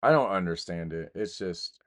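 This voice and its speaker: Deep-voiced American man musing aloud. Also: lively intonation, normal speed, fairly bright tone, slight background noise. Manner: musing, hesitant, trails off. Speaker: reaction video host. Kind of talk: casual commentary.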